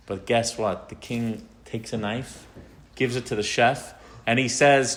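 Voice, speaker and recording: A rabbi giving an informal, animated talk to teenagers. He tells a story and often asks the audience questions. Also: medium pitch, normal speed. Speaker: rabbi teaching teens.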